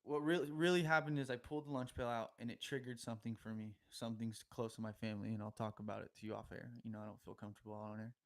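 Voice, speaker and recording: A young man spins a long, meandering story on a podcast, full of slang and loose asides. His voice sits at an ordinary middle pitch. He laughs easily as he talks. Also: fairly even intonation, fast, few pauses, a bit bright. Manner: rambling, slangy, laughs often mid-story.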